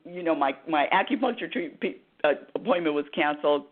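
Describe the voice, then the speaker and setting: A woman's voice: sits low, lively intonation, brisk. A woman radio host and happiness coach telling a personal story with passion, acting out dialogue in a talk radio monologue. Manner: impassioned storytelling with dramatized dialogue. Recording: tinny phone-like line.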